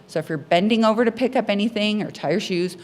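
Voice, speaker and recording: A woman giving a health education talk on breathing techniques, lively and acting out patients' words in her stories. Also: medium pitch, fast talker. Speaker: pulmonary rehabilitation educator.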